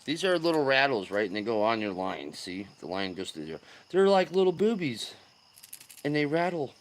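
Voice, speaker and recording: A man hosting a fishing livestream, chatting casually and loudly greeting viewers with slang. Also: mid-range voice, big pitch swings, moderate pace. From California.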